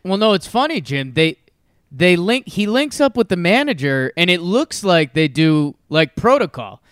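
An easygoing man in casual sports talk, with a smooth, resonant and slightly high voice. The sound is dry and close. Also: big pitch swings, moderate pace, a bit bright, no echo. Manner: easygoing, many fillers and short agreements. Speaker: podcast co-host.

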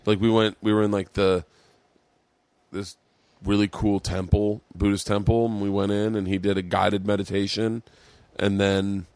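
A man's voice: fairly low pitch, little pitch movement, moderate pace, a little mellow, smooth, dry recording. A man hosting a podcast, telling rambling comedic stories in casual chat, swearing freely and acting out the other people in them. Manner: rambling storyteller, swears freely, acts out quoted voices. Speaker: podcast host.

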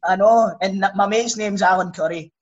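A Scottish man telling sweary, animated stories in a casual podcast chat. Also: high voice, moderate pace, lo-fi sound.

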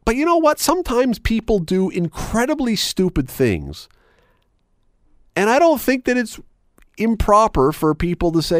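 Male radio host, opinionated and sarcastic, animated delivery, dry close studio sound. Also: unhurried, dry recording. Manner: emphatic, sarcastic, wide swings in pitch. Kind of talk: opinionated talk radio rant.

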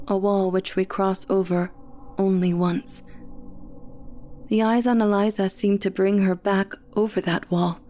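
A woman reading a horror story aloud as the narrator, in a slow, hushed storytelling manner. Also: medium pitch, a little hiss or hum.

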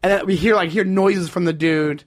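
A man co-hosting a podcast in casual chat, telling stories with lively acted-out quotes. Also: sits high, normal speed. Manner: animated storyteller, acts out quotes loudly. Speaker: podcast co-host.

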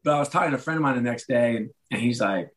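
A hoarse middle-aged man in a casual interview, telling animated stories and acting out the voices of the people in them. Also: mid-range voice, rapid-fire, low-quality recording. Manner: animated, acts out quoted voices. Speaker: author and guest.

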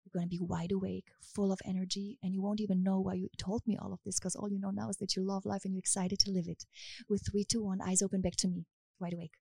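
A woman with a German accent who works as a hypnotist, leading a slow, soothing, repetitive guided hypnosis and then chatting emphatically about it. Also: medium pitch, level tone, vocal fry, dark tone, husky, no echo. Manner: emphatic and upbeat when chatting. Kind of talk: guided hypnosis session, then casual chat.

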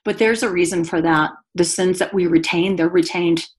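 A woman's voice: on the low side, steady tone, normal speed. A woman guest giving an earnest, emotional personal testimony in conversation, a mother speaking about her life. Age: adult mother.

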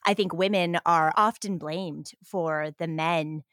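A woman co-host speaks with a smooth, resonant voice pitched a little low. She chimes in with earnest remarks in a dry, close recording. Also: steady tone, slow, fairly bright tone, no room sound. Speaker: podcast co-host. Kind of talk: casual interview chat.

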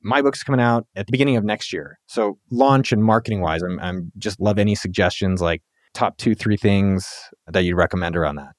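A man's voice: fairly low pitch, a little fast, no room sound, clean studio sound. A man hosting a podcast, talking in an upbeat, slangy, casual way with his guest. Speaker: podcast host.

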